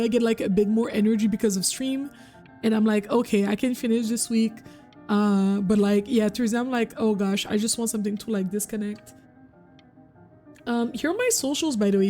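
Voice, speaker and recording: A woman's voice: fairly high pitch, warm tone. Chatty bilingual streamer woman. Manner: chatty, switches between French and English, reacts to the game. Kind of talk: casual livestream commentary. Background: game music.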